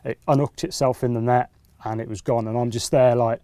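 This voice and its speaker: A man's voice: mid-range voice, fairly even intonation, a little fast, dark tone, no room sound. A man recounting a fishing trip in a chatty, casual way. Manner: chatty storyteller. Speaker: fishing consultant. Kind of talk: casual anecdote.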